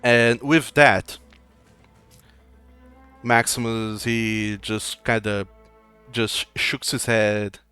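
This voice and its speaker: A man's voice: lowish voice, level tone, extremely slow, pauses often, bright, forceful tone, clear, resonant tone, faint music behind. A man acting as game master, narrating a tabletop game in a loose, descriptive way. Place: home streaming setup.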